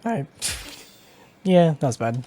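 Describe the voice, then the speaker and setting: A streamer offering offhand, relaxed reactions during a rhythm game session, in a voice of middling pitch. A faint hiss of noise sits behind the speech. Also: unhurried. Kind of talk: casual game commentary.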